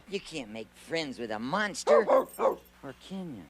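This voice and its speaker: A man's voice: a little high, huge pitch swings, slow, creaky, heavily acted. A man voicing an adventurous young male puppet creature with a cheeky, playful way of talking.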